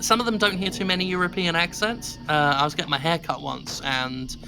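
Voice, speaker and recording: A man's voice: sits high, steady tone, fairly quick, creaky, music in the background. A young English man chatting casually as a stream guest, rambling and self-deprecating with many restarts. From England.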